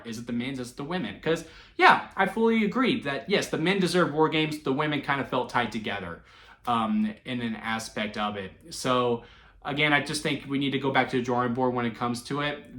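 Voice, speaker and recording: A man giving a casual solo wrestling review, chatty and animated, laughing often as he talks. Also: medium pitch, normal speed. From Texas. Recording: echoey room.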